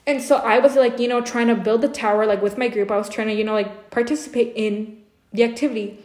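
A woman's voice: a little high, fairly even intonation, fast talker, a little mellow. A young adult woman co-hosting a podcast, telling a long story in casual chat, filling it with lots of filler words. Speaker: podcast co-host. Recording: echoey room.

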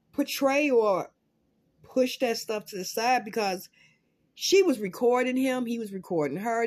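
A woman vlogging in casual commentary, profane and dramatic, swinging between loud outbursts and low muttering. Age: adult parent.

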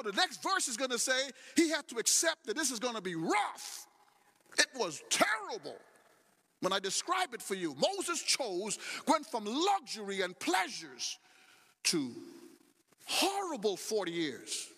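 Animated high-voiced male pastor preaching. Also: unhurried, husky. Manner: animated preaching, repeating phrases, acting out dialogue. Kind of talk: sermon. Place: church sanctuary. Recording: long hall reverb.

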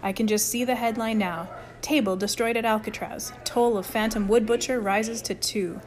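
A woman doing Rudy, a deadpan teenage boy. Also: medium pitch, fast, faint music behind, close to an everyday voice. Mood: dry. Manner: deadpan, understated.

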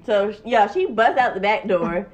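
A woman's voice: mid-range voice, lively intonation, measured pace. A young woman telling a story in casual chat, acting out the quotes and swearing freely. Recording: dull lo-fi recording.

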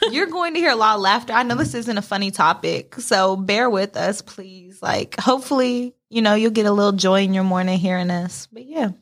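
A woman's voice: medium pitch, moderate pace. A young woman hosting a podcast, chatting casually with friends and laughing often. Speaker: podcast host. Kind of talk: casual chat.

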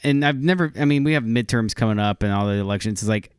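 A man's voice: lowish voice, fast talker, clear, resonant tone, no echo, studio quality. A man co-hosting a podcast in casual, conversational chat, laughing often. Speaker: podcast co-host.

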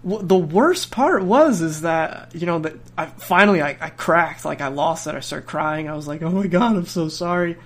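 A man's voice: fairly high pitch, animated, moderate pace, hardly any pauses. A young adult man hosting a podcast, telling a casual story in a rambling way with frequent restarts and bursts of laughter. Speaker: podcast host.

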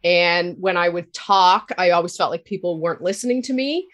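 Woman, Cape Breton accent, lowish voice, candid and outspoken, loud laugh, interview guest. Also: normal speed. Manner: candid, laughs loudly, swears freely. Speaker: podcaster guest. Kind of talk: casual interview talk.

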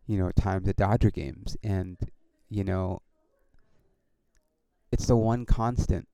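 Gravelly, low-voiced man rambling casually. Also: steady tone, takes it slowly, warm tone, no room sound. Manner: rambling, swears often, many restarts. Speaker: podcast host and comedian.

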